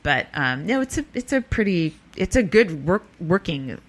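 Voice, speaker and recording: A woman's voice: fairly low pitch, very animated, normal speed. A woman, a comedy writer and podcast guest, chatting casually with a dry, sarcastic delivery. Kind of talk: casual chat.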